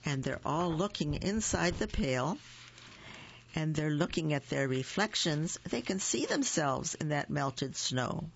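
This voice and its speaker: A storyteller reading a picture book aloud gently, pausing to explain the pictures. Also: mid-range voice, lively intonation, vocal fry, highs cut off, a little hiss or hum.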